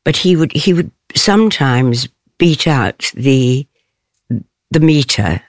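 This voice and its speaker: An older stage actress giving an interview. She speaks in a thoughtful, measured way and laughs softly often. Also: sits low, lively intonation, no echo, studio quality.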